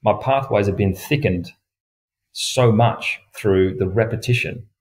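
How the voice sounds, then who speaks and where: A man with an Australian accent, a golf pro and coach, talks as a guest in a casual interview, his lowish voice unhurried over slight background noise. He's a lively storyteller who acts out quoted dialogue and laughs often as he speaks.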